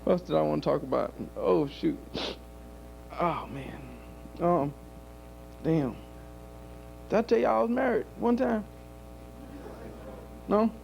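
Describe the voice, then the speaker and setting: A man's voice: on the high side, creaky, darkish tone, lo-fi sound, slight background noise. A male stand-up comedian doing a loose, profane club set and laughing at his own jokes.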